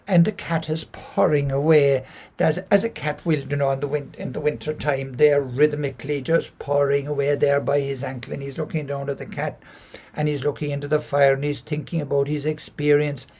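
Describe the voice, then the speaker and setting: A man's voice: on the high side, level tone, normal speed, darkish tone. A man with an Irish accent telling a folk tale in a homely, conversational way with asides to the listeners. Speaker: storyteller. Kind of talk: oral folk storytelling.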